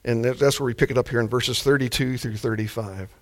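Delivering a sermon, the mild preacher keeps a laid-back manner while speaking quickly. His intonation stays fairly level, and his pitch lands in a normal male middle range.

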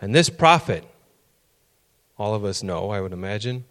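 A man's voice: fairly low pitch, expressive, moderate pace, fairly bright tone. A middle-aged man preaching a sermon, telling personal stories and building to emphatic, raised passages.

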